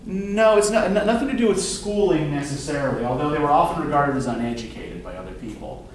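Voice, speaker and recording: A male lecturer gives a relaxed classroom talk, full of "um"s and "right?" checks to the students. His voice sits a little high. It comes from a mic well away from him in a very echoey room, with a faint hiss behind it. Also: fast, far from the mic. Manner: conversational, many fillers and tag questions. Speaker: literature lecturer.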